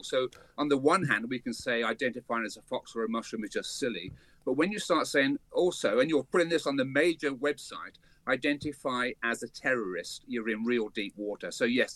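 A man's voice: medium pitch, a bit bright, no room sound. A man speaking as a guest commentator in a radio debate, emphatic and indignant.

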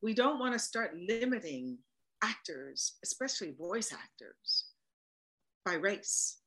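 Forceful animated woman in an interview. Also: medium pitch, takes it slowly, rough recording. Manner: animated and emphatic. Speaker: guest, voice actor and producer. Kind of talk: casual interview chat.

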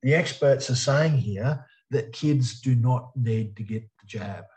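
This Australian man, a politician guest, gives interview answers with emphasis and keeps returning to short, punchy phrases. He speaks unhurriedly in a mid-range, slightly mellow voice, though the audio quality is poor.

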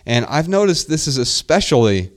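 A man's voice: fairly high pitch, normal speed. A man in his thirties co-hosting a podcast, telling family stories in a casual, reflective way. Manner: reflective, storytelling, animated when quoting his daughter. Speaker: podcast co-host.

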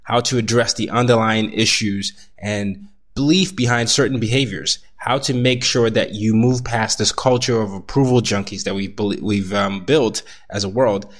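A young adult man hosting a podcast interview, animated, laughing easily, with frequent fillers. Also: lowish voice, moderate pace, few pauses. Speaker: podcast host.

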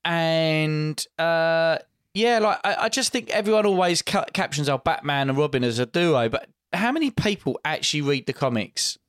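A man co-hosting a podcast in casual chat, rambling and halting with many restarts. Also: fairly high pitch, lively intonation, a bit bright, smooth, no echo, studio quality. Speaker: podcast co-host.

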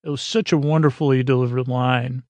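A man hosting a podcast, casually recapping a TV episode from handwritten notes in a halting way, with lots of filler sounds. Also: medium pitch, steady tone, darkish tone, no echo. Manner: halting, loose, full of filler sounds while paraphrasing scenes.

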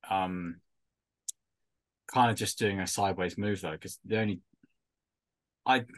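A man co-hosting a casual motorsport podcast, talking in a jokey, teasing, animated way. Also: low voice, a little slow. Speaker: podcast co-host.

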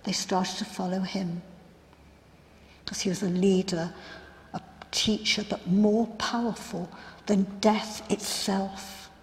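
Woman as a reflective biblical sister, unhurried monologue, mid-pitched, big reverberant hall. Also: little pitch movement, slight background noise. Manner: earnest, reflective, halting storyteller. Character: grieving biblical sister of a raised man, earnest and reflective. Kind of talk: first-person dramatic monologue.

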